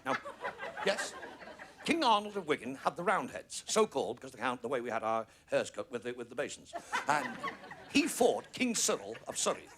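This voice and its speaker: A man's voice: medium pitch, very animated. A man with a Northern English accent performing a stand-up comedy routine as a guest, firing off gags with exaggerated comic asides. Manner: rapid-fire gag telling, exaggerated comic asides. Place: TV studio with live audience. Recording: noisy studio with roaring audience.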